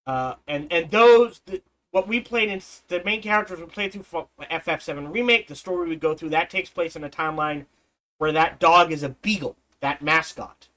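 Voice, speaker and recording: A man's voice: on the high side, moderate pace, a bit bright, poor audio. A man in his forties giving casual, rambling gameplay commentary, often restarting and correcting himself. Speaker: let's play host.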